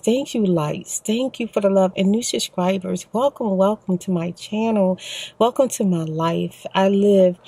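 A middle-aged woman with a Texan accent, talking softly and at length in her parked car, exhausted and emotional, in a rambling soft-spoken vlog. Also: medium pitch, slightly rough. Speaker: ASMR vlogger.

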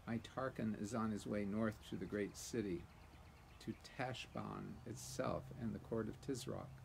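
Storybook warhorse, male, proud and scornful, gravelly, as a male reader puts him on. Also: fairly low pitch, steady tone, measured pace, slight background noise. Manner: lofty, scornful, then gently patient. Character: proud talking male warhorse, haughty but kindly.

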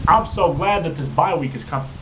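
A young man, a sports fan vlogger, delivers an angry rant about his football team, swearing constantly and repeating "you know what I'm saying." His voice is on the high side, animated, and a little fast, with faint background noise behind it.

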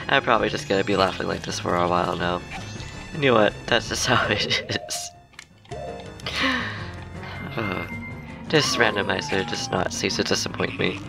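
A man's voice: fairly low pitch, gravelly. A young man giving casual, rambling let's-play commentary, laughing often as he plays. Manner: chatty, giggly, rambling. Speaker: gaming YouTuber. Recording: game music playing under the voice.

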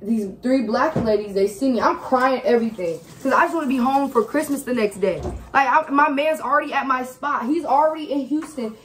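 A woman chatting through a lively storytime in a home kitchen. Her voice sits a little high, and she keeps the telling animated and informal. A faint hiss runs under the recording. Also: fairly quick, few pauses. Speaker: vlogger. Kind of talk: casual storytime chat.

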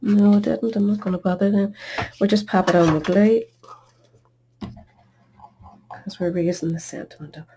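A woman's voice: mid-range voice, fairly even intonation, a little slow, pauses often, warm tone, slight background noise. A middle-aged woman hosting a card-making tutorial, chatty and self-deprecating as she works at her craft table. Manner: chatty, self-deprecating, talks while working.

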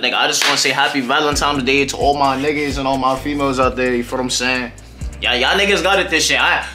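A man's voice: medium pitch, pushed and bright. A man hosting a music reaction video, talking to viewers in loose, slangy casual chat. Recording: echoey room with faint music behind.

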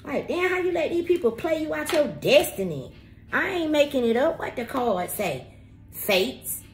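A woman's voice: sits high, big pitch swings, normal speed, faint music behind. A woman giving a tarot reading, talking to viewers in a blunt, slangy, profane and emphatic way. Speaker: tarot reader. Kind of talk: spirited tarot reading monologue. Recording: roomy echo with faint background noise.

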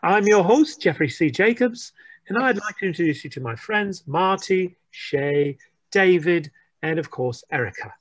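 Mock-posh British host, put on by an American man, RP accent, theatrical announcer delivery, high lively pitch. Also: moderate pace, dry recording, poor audio. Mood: pompous welcome. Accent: British Received Pronunciation, put on. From United States.

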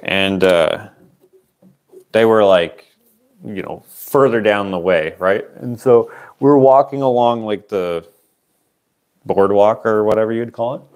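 A Canadian man in his late twenties hosts a livestream auction wearing a microphone, chatting his way through a rambling story and constantly cutting himself off for tangents. He speaks slowly in a lowish, slightly mellow voice, pausing often.

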